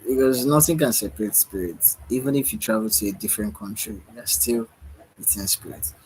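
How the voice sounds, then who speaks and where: A man's voice: fairly low pitch, a little mellow, slight background noise, low-quality recording. A tired man giving a musing spiritual monologue late at night, sighing and yawning as he talks. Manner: slow, musing, with sighs and yawns. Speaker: spiritual speaker.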